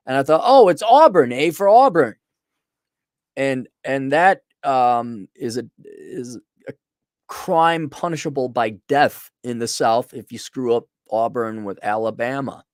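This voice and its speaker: A man's voice: medium pitch, unhurried, clear, resonant tone, no echo, studio quality. A middle-aged man telling a rambling, self-mocking story in a casual monologue, full of sarcastic asides. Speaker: podcast host.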